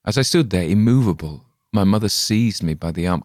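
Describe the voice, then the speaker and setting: Deep-voiced man reading gothic fiction. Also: expressive, fairly quick, darkish tone, no room sound, clean studio sound. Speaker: audiobook narrator. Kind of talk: scripted narration.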